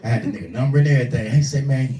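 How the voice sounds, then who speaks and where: A man in his forties doing live stand-up, telling a profane, animated story and acting out the voices in it. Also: medium pitch, very fast, crowd noise. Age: 40s. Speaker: stand-up comedian. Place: small live venue. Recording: echoey room, distant mic.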